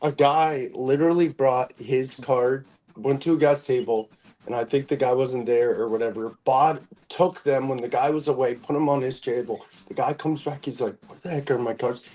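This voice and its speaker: A man in a casual convention chat, telling relaxed anecdotes. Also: medium pitch, normal speed, poor audio.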